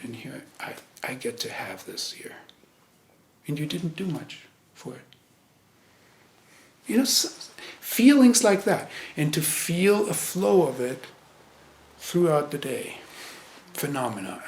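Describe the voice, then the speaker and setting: A man's voice: a little high, creaky, echoey room. Man giving a hesitant Zen talk. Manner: hesitant, searching, many restarts. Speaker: Zen teacher. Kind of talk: meditation talk. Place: meditation hall.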